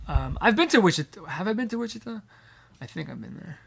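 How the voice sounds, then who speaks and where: A man's voice: high voice, big pitch swings, fast talker, gravelly, fairly bright tone, breathy edge. A man live-streaming from his home studio, chatting casually at the piano and reading out viewer comments. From Massachusetts.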